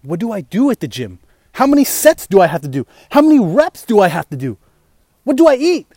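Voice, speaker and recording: A man's voice: sits high, very animated, a little fast, dark tone, no room sound. A man voicing a confused gym newcomer who hesitates and then fires off anxious questions. The recording is close and dry. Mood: bewildered.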